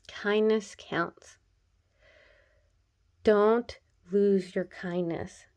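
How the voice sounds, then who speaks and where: A woman's voice: mid-range voice, clean tone. Earnest, encouraging woman reading oracle cards. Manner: earnest and encouraging, speaking straight to the viewer; chatty, with laughs and filler words. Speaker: oracle card reader. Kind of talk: casual card reading to camera.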